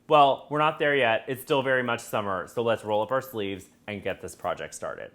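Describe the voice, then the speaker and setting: A man hosting a home cooking tutorial, upbeat and chatty, who talks straight to his viewers and jumps up in pitch when he gets excited. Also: normal speed, few pauses. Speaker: cooking video host.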